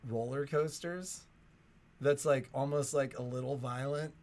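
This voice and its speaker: A man in his forties co-hosting a shop livestream, telling rambling, animated stories in casual chat. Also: medium pitch, a little slow, heavy background noise. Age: 40s. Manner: rambling, animated storytelling with acted-out voices. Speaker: shop co-host.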